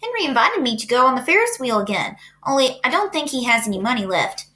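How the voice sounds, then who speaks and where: A woman reading aloud, voicing an eager young girl who talks in an excited, pleading way. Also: high voice, quick pace, pitched above the performer's own voice, full character voice.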